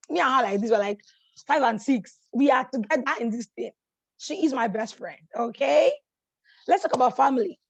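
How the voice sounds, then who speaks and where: High-voiced woman coaching with energy. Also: no room sound. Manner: energetic, encouraging, keeps checking in with the audience; repeats phrases for emphasis. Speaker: life coach hosting a masterclass. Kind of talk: motivational teaching talk.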